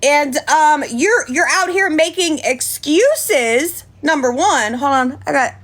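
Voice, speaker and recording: A woman's voice: sits high, animated, slow pace. A woman chatting on a livestream, indignant, thanking viewers by name. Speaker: livestream host. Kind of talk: casual livestream chat.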